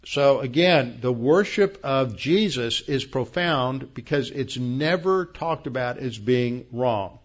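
A man preaching a verse-by-verse Bible lesson in a plain explaining tone, often pausing on fillers and restarting sentences. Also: mid-range voice, expressive, muffled recording. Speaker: pastor. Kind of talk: Bible teaching sermon.

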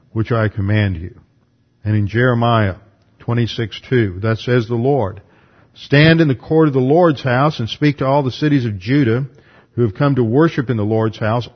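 Male Bible teacher, methodical, reads verses then explains, mid-pitched, dull lo-fi recording. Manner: methodical, reads scripture aloud between explanations. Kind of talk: numbered Bible lesson.

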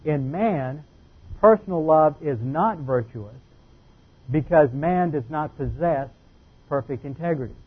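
A man's voice: on the high side, a little slow, breathy edge, phone-quality sound. A man preaching a methodical doctrinal Bible lesson, laying out numbered points and careful definitions.

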